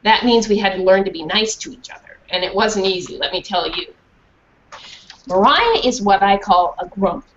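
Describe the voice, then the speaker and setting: Here a children's author, a woman with a medium-pitched voice at a moderate pace, reads a storybook to a school class and animatedly questions them. The dull lo-fi recording carries a little hiss or hum.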